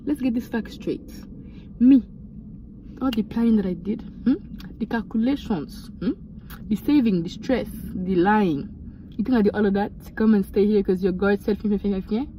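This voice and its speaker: A young woman, casually telling a storytime and switching into high, animated quoted voices. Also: normal speed, slight background noise, low-quality recording. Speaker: vlogger.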